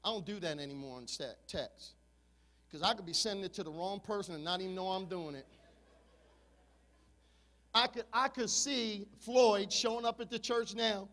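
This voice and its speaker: A man in his fifties with a very high voice preaches with passion. He swings between shouted peaks and low, confiding asides to his congregation. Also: moderate pace, pauses often, in a large hall. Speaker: pastor. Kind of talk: sermon.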